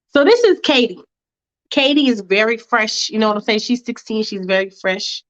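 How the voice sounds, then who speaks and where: A woman's voice: a little high, expressive, moderate pace, lo-fi sound. A woman casually narrating a fan-fiction story in a chatty, slangy, playful way.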